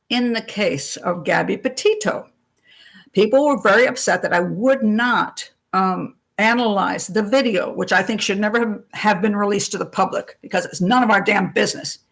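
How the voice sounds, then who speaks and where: An older woman hosting a live question-and-answer stream, telling a story in a chatty, animated way and acting out the quotes. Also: medium pitch, gravelly, low-quality recording. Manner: chatty and animated, acts out quotes, laughs often.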